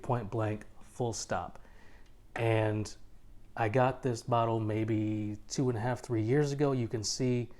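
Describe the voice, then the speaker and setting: Blunt, emphatic man with a mellow voice. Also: mid-range voice. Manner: blunt, emphatic, repeats points for effect. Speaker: fragrance reviewer. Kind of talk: casual video review.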